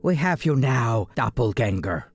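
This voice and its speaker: A man's voice: medium pitch, sing-song, a little slow. A man voicing a fierce female halfling warrior in plate armor, who speaks with a thick accent and a disdainful hiss. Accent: thick unplaced accent. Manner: hissing, disdainful.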